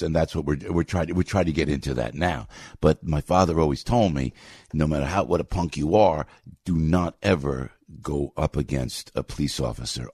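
Fired-up talk radio host, rambling. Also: male voice, creaky, husky, no echo, clean studio sound. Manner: fired-up, rambling, swings from loud outbursts to low asides. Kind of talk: opinionated talk radio monologue.

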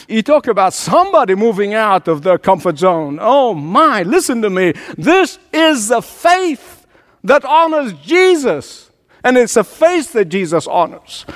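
A high-pitched man delivering a sermon. He drops to soft, low asides, then climbs into emphatic, rising runs, chuckling between lines. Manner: preaching with dramatic swings of pitch and loudness, builds to emphatic climaxes. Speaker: pastor.

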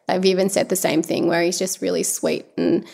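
A woman's voice: fairly low pitch, level tone, brisk, vocal fry, a little mellow. A young woman chatting casually as a podcast guest, loose and talkative with many fillers. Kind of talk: casual chat.

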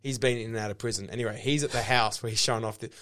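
A man's voice: on the low side, fairly even intonation, rapid-fire, fairly bright tone. An Australian man co-hosting a comedy podcast, telling a rambling story and laughing through his words. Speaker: podcast co-host. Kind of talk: improv comedy podcast chat.

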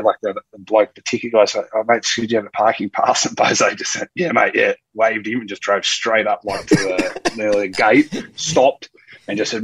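A husky, fairly low-pitched Australian man in his early forties spins long, rambling anecdotes in casual talk. His voice sounds dry and a little dull, as if on a modest mic. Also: no echo. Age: early 40s. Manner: rambling, with frequent restarts and quoted dialogue. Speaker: former rugby league player, guest. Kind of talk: casual storytelling.

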